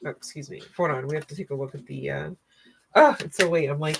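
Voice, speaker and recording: A woman's voice: deep voice, fast, vocal fry, background noise. A woman giving a casual tarot reading in a blunt, profane, slangy way, often laughing. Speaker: tarot card reader.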